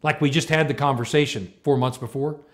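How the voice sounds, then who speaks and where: A man giving a talk on leadership, telling a story with lively, animated delivery and acting out both sides of a conversation. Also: mid-range voice, fairly quick. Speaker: speaker on leadership.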